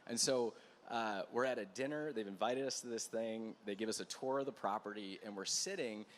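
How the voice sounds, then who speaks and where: A male pastor with a slightly low voice tells a story from the pulpit, chatty and animated, stopping for asides to the room. A faint wash of background noise sits under his voice. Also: moderate pace. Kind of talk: storytelling sermon. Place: church gathering.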